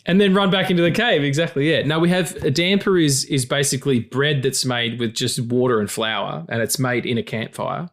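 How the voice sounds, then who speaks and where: A man's voice: mid-range voice, fairly quick, few pauses. An Australian man hosting a podcast, in a casual, jokey, swearing chat. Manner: animated, swearing, jokey storytelling. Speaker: podcast host.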